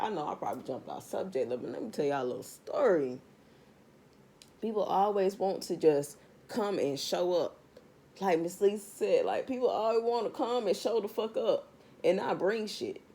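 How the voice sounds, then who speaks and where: A woman's voice: fairly low pitch, darkish tone, breathy edge. A woman doing a casual tarot reading vlog, talking straight to her viewers in a blunt, profane rant. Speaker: tarot reader.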